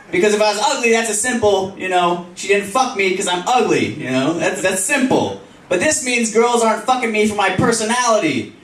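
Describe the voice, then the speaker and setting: A young man doing a stand-up set, crude and self-mocking, laughing through his punchlines. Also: high voice. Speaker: stand-up comedian. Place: comedy club stage. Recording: roomy club, distant mic, audience laughing. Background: audience laughter.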